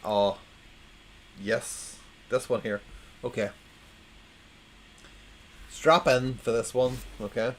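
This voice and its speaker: Slow, wry man reading dad jokes. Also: mid-range voice, steady tone, slight background noise, rough recording. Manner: wry, plays to a quiet chat, repeats punchlines. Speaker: livestream host. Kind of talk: casual livestream, reading jokes to chat.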